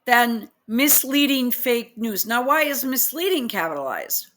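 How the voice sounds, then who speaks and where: A woman with a bright, fairly high voice rants in exasperated disbelief while reading posts aloud. She talks slowly and deliberately, her pitch leaping high in incredulity as she picks apart each grammar mistake in casual commentary. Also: lively intonation.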